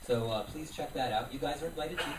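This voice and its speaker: A man's voice: a little high, fast, noisy background. A man doing a live stand-up set, riffing with the audience. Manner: animated, riffing with the crowd. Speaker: stand-up comedian. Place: comedy club stage. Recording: roomy live club, distant mic, loud crowd. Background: audience laughter.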